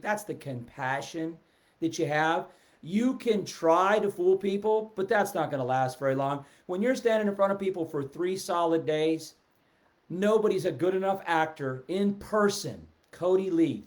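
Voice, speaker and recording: A middle-aged man giving a casual, animated sales talk on a live stream, seated and reading out viewer comments. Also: high voice. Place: indoors, seated in a chair. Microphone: webcam or phone at a desk, seated.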